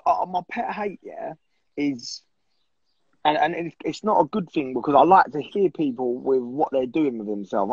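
A man's voice: on the high side, slightly rough, dry recording, highs cut off. A man in his twenties, a podcast guest, talking casually and bluntly with lots of swearing. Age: 20s.

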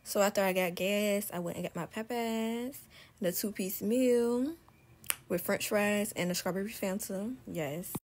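A woman's voice: medium pitch, measured pace, darkish tone. A young adult woman talking casually to her viewers as a lifestyle vlogger, chatty and addressing them directly. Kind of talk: casual vlog narration to viewers. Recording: noisy outdoor and car background.

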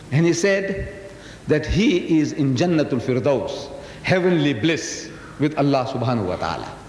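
An old man in his seventies lecturing in a storytelling way, his pitch rising and dipping all the time. He keeps turning to the audience with rhetorical questions. His voice echoes through a big hall over a faint hiss. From South Africa. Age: 70s. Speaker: Muslim lecturer. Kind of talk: religious public lecture.

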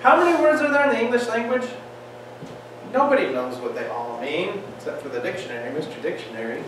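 A man teaching a Bible class, lively and joking, firing off questions at his students. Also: sits high, brisk. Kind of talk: classroom lecture. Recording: echoey room, distant mic, faint hiss.

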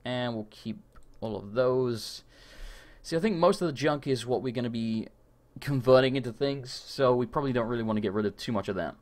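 A man giving casual live commentary while playing a video game, chatty and quick to rant and swear when annoyed. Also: mid-range voice, darkish tone. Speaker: gaming streamer. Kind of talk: live let's-play commentary.

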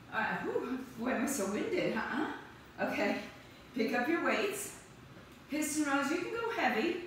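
Her mid-range voice sounds pushed and bright as this fitness instructor runs a live class, counting reps briskly and offering upbeat encouragement. The mic sits far away in a heavily reverberant room, picking up some faint noise.

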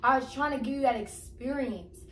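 Woman vlogger, high voice, playful, teasing, hushed spooky storytelling, casual prank video. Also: a little fast, reverberant, rough recording. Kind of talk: casual prank vlog chat.

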